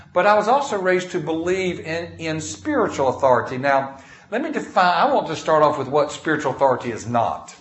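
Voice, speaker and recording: A man preaches in an echoey church, his voice sitting a little higher than most men's. He tells homespun stories between readings of King James scripture. The room's reverb hangs behind every line. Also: a bit bright. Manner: folksy storytelling, reads scripture in King James wording. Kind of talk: sermon. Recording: echoey room.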